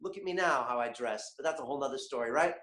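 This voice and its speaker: Guy hosting a motivation masterclass online, super animated, keeps quizzing the chat, kinda echoey room. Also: mid-range voice, fast. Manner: animated, keeps asking the chat audience questions. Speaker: webinar host.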